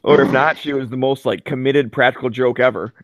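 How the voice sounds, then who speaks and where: A man's voice: mid-range voice, steady tone, fairly quick, no room sound. A man telling a rambling story in casual chat, full of "like" and fillers.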